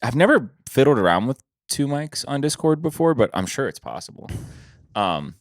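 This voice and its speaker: Speaking at a normal speed in a sing-song, mid-range voice, a young podcast co-host chats casually and rambles, leaning on lots of fillers. The studio mic gives a dry, clean sound.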